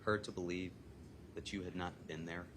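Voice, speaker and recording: A man's voice: deep voice, level tone, moderate pace. A man working as an attorney in a courtroom, questioning a witness methodically. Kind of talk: courtroom examination. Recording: noisy courtroom audio.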